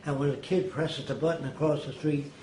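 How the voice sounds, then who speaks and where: A man's voice: on the high side, fairly even intonation, fairly quick, dark tone. Elderly man telling stories in an echoey room. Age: older. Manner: emphatic, acts out quotes. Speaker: interviewee. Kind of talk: anecdotal storytelling. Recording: roomy echo, faint noise.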